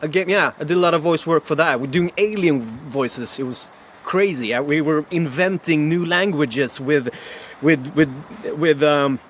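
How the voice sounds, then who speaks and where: A man in a casual video-call interview, animated and quick to laugh, stumbling through restarts as he tells a story. His voice sits a little high. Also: a little hiss or hum. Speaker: voice actor guest.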